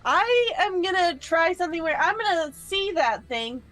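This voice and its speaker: A woman's voice: very high voice, very animated, normal speed, fairly bright tone. A woman playing a tabletop game, describing her character's actions hesitantly with many fillers. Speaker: player. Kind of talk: casual tabletop game play.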